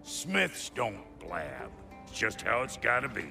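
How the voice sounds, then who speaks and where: Gravelly, slangy dwarf smith for a game, slow drawl, wild swings, music under. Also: male voice, on the low side, big pitch swings, heavily acted. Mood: gruff. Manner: brash, slangy, boastful. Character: gruff foul-mouthed male dwarf blacksmith. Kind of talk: video game voice acting. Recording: game audio with music behind.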